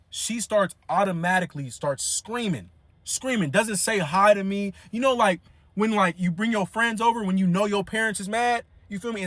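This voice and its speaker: A man telling a funny story in an animated, slangy way. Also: high-pitched, no room sound. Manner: animated and slangy, repeating "you feel me". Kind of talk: comedic storytime.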